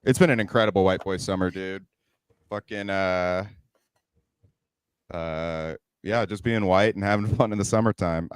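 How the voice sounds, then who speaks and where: A man's voice: low voice, steady tone, normal speed, long pauses, clean tone, no echo, studio quality. A young adult man from the Bay Area, a comedian guest chatting casually on a podcast, joking and laughing often. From San Francisco Bay Area. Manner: jokey, laughs often, slips into silly voices.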